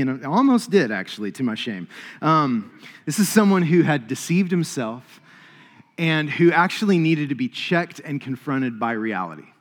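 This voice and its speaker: A man preaching a sermon as a pastor, telling a story in a relaxed, conversational way with plenty of fillers. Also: a little high. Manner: casual storytelling with frequent fillers. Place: large church hall. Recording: long hall reverb.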